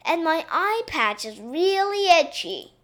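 A woman voicing a naughty little girl princess who plays pirate, pouty and excitable. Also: fairly high pitch, slow pace, exaggerated voice. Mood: pouty excited.

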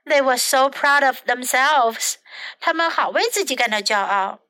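High, bright woman reading a children's story. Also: animated, normal speed, clear, resonant tone, no echo. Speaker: English teacher reading a bilingual storybook.

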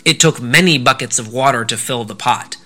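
A man reading a folk tale aloud to children in an animated, sing-song storytelling manner. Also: mid-range voice, brisk, faint music behind.

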